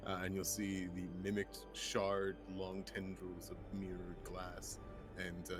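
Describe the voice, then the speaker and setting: Lowish-voiced man describing his character. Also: completely flat delivery, unhurried, over loud music. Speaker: player. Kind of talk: casual game chat.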